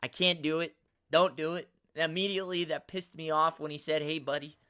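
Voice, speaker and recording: Bright-voiced guy rambling on a stream. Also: fairly high pitch, fairly even intonation, a little fast, smooth, no room sound. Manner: rambling, exasperated, slangy, reads chat aloud. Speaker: host of a toy collecting live stream. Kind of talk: casual live stream chat.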